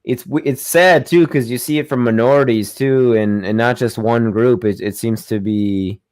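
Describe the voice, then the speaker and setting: A male podcast host runs a casual interview, speaking hesitantly and searching for words, with many fillers and restarts. His medium-pitched voice is fairly even and a little mellow, at a moderate pace. The sound is clean studio quality with no room sound.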